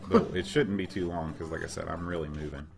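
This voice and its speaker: Deep raspy middle-aged man, hoarse. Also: fairly even intonation, fast, soft background music. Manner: rambling, explains as he plays. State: hoarse, coughing. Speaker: podcast co-host playing a retro game. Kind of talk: casual gameplay chat.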